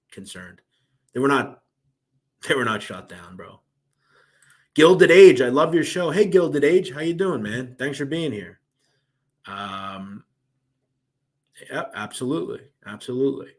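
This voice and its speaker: A young man with a Philadelphia accent hosting a casual live-stream, loose and rambling, reading out viewer comments. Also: medium pitch. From Philadelphia, USA. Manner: loose and rambling, full of fillers. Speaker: host.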